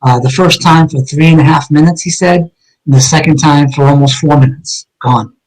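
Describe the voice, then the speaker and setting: A man's voice: a little high, moderate pace, darkish tone, poor audio. A middle-aged man, a retired detective, earnestly recounting a personal story as an interview guest, acting out the dialogue vividly.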